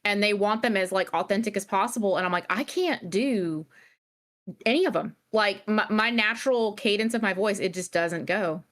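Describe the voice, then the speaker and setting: A woman's voice: mid-range voice, fairly quick, hardly any pauses, fairly bright tone. Chatty woman on a stream. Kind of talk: casual stream chat.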